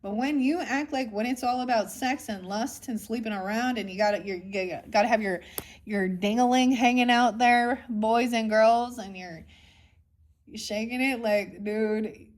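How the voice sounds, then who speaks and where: A woman's voice: a little high, a little mellow. Woman, tarot reader, casual reading, blunt, mocking, cusses a lot. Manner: blunt and mocking, with frequent swearing.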